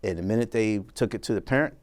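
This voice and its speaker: A middle-aged man from Brooklyn, an executive guest, telling his story in a measured, reflective way. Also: fairly low pitch, a little mellow. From Brooklyn, New York. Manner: measured, reflective, acts out quoted dialogue. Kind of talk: conversational storytelling.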